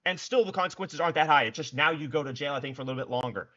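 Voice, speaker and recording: A man's voice: a little high, racing, a bit bright. A young man giving scornful, sarcastic political commentary. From United States. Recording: dull lo-fi recording.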